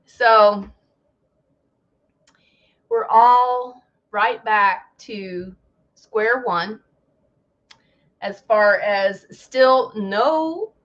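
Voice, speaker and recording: A woman's voice: fairly high pitch, fairly bright tone, lo-fi sound. A woman hosting a casual live travel chat, telling news as a story and acting out the people she quotes.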